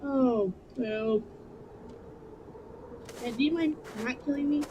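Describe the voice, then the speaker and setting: A woman's voice: sits high, slow pace, background noise. A woman streaming a video game live, chatting casually and breaking into nervous, jumpy exclamations.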